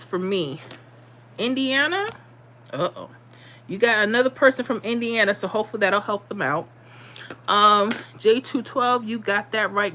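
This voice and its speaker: Bright-voiced chatty New York woman. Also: medium pitch, slight background noise. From South Bronx, New York. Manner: chatty, sassy, laughs a lot. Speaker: livestream host. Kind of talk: casual livestream chat reading comments.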